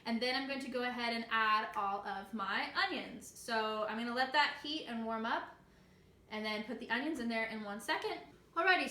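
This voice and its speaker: A woman's voice: fairly high pitch, sharp tone, roomy sound, slight background noise. A young woman hosting a casual cooking tutorial, chatty and self-deprecating, joking through her kitchen mishaps. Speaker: library cooking tutorial host. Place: home kitchen.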